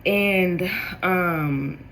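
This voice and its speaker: Woman doing a tarot reading for her viewers, bright forceful voice, lively and talking right at you. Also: on the low side, drawn-out words, slight background noise, rough recording. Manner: animated, talks straight to viewers. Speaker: tarot reader.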